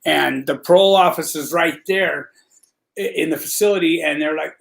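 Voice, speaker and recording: A man hosting his own stream rambles through prison stories, swearing freely and packing his talk with street slang and fillers. His voice has a gravelly, fried texture. It also sits a little higher than most men's. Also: normal speed. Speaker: vlog host telling prison stories. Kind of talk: rambling live-stream storytelling.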